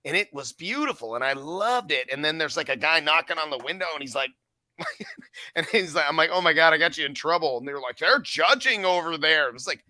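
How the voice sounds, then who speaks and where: A man tells stories in a loose podcast chat, cursing freely and playing out each line of dialogue himself. His voice is very bright and forceful, and the recording is dry, with almost no room sound. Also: fairly high pitch, brisk, no echo. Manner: profane, animated storyteller who acts out his own quotes. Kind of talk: casual storytelling chat.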